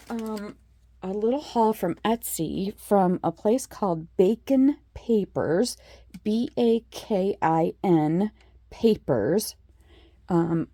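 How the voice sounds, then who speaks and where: A woman's voice: fairly low pitch, mellow, no room sound. A middle-aged woman in a casual craft show-and-tell, chatting with lots of fillers and admiring asides. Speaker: craft vlogger.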